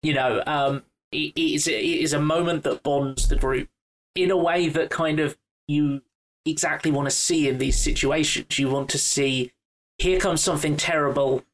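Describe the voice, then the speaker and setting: A man's voice: a little high, fairly even intonation, normal speed, fairly bright tone, rough recording. A man co-hosting a casual film discussion, thinking aloud with frequent restarts and repeated words. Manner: hesitant, many restarts.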